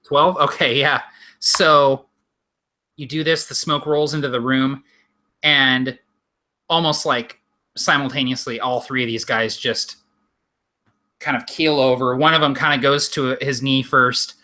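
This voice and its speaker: Bright-voiced man running a tabletop game. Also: medium pitch, steady tone, unhurried, pauses often. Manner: descriptive, many ums and restarts. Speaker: game master.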